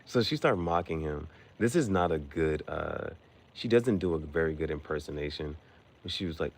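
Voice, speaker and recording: A man with a very deep, gravelly voice rambles through a movie recap, full of slang and asides. He tells it like casual chat with a friend, and a faint hiss sits under the recording. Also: normal speed. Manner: slangy, rambling, animated storytelling. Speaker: podcast host.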